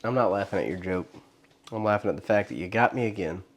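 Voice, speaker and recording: A man's voice: lowish voice, quick pace. A man co-hosting a casual podcast, teasing his partner with dry banter. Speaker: podcast co-host. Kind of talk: casual chat.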